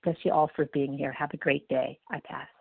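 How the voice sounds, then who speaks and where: A woman wrapping up her share at a recovery meeting on a phone line, soft-spoken and slightly stumbling. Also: deep voice, steady tone, fairly quick, gravelly, slightly rough, no echo. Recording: dry tinny phone line.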